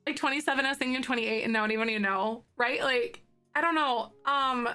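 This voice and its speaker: A woman in her thirties chatting with her live viewers from a home streaming setup, her voice slightly hoarse with morning throat. She talks in a bubbly, rambling way and giggles often, in a bright, rather high voice. Soft music plays faintly behind her. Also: brisk. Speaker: livestreamer. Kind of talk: casual chat with live viewers.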